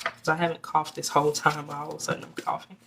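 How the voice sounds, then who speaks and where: Low-voiced woman giving a tarot reading. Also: flat delivery, quick pace, gravelly, noisy background. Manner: earnest, repetitive, addressing viewers directly. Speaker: tarot reader. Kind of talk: casual tarot reading to camera.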